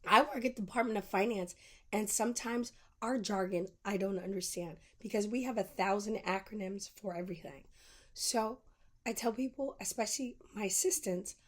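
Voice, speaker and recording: Husky-voiced woman telling a personal story. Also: mid-range voice, normal speed. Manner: candid, acts out both sides of conversations. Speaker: podcast host.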